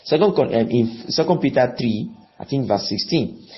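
A man's voice: mid-range voice, animated. A man preaching a sermon, emphatic and pleading, often putting questions to his listeners. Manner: emphatic, slow, pleading, asks the audience questions. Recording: dull lo-fi recording.

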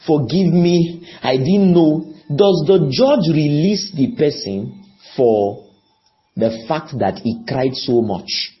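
A man preaching a sermon, emphatic and pleading, often putting questions to his listeners. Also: on the high side. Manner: emphatic, slow, pleading, asks the audience questions. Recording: dull lo-fi recording.

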